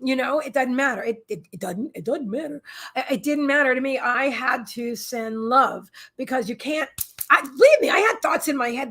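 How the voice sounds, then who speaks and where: A woman's voice: high voice, animated, normal speed, sharp tone. A woman hosting a psychic livestream from her apartment, talking in a candid, rambling way with many restarts. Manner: candid, heartfelt. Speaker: psychic host. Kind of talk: casual livestream chat.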